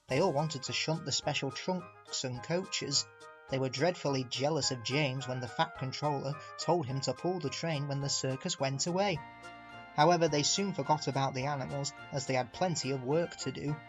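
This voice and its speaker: A man narrating a storybook aloud, expressive and speaking to the listener directly. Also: mid-range voice. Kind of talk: storybook reading.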